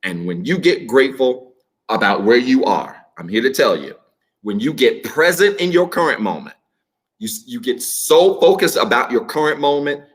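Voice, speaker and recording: A man's voice: medium pitch, animated, normal speed. A man preaching a sermon to an online congregation, emphatic and repetitive, speaking straight to his viewers. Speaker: pastor. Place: church livestream.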